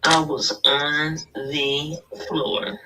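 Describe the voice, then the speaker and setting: A man telling gossip on a livestream call in a loud, profane way, acting out other people's words. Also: fairly high pitch, very slow. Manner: animated, profane, quotes others in raised voice. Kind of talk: casual gossip storytelling. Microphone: video call. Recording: distant mic with faint noise.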